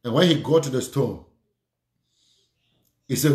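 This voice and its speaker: A man's voice: mid-range voice, normal speed, pauses often, darkish tone, echoey room. A man preaching a sermon, fervent and repetitive, speaking declarations and prayer over his listeners.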